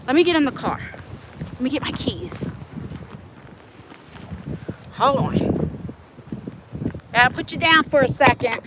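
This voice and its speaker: A woman's voice: sits high, expressive, brisk. A woman chatting casually with her viewers on a livestream, rambling and greeting people in the chat, filmed on a phone held on a selfie stick, first outdoors in the wind and then in a parked car. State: out of breath. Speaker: vlogger hosting a livestream.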